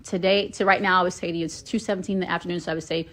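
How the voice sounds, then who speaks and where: A woman's voice: on the low side, steady tone, very fast, fairly bright tone. A woman from Atlanta, Georgia, chatting casually on a phone livestream and answering fans' questions with lots of ums. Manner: chatty, many ums, playful accent switching. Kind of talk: casual chat.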